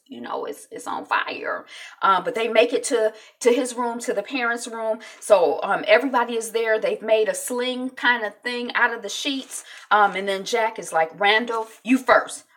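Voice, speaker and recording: A woman's voice: fairly high pitch, normal speed, a bit bright. A woman hosting a casual TV recap vlog, chatty and rambling with many ums. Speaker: YouTube TV recap host.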